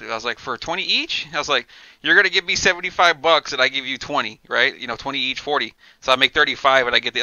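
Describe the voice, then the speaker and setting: In a dry recording with the highs cut off, a man with a clean, mid-range voice co-hosts a podcast. He's animated and profane, spinning a lengthy story in casual conversation and performing each character's quoted lines.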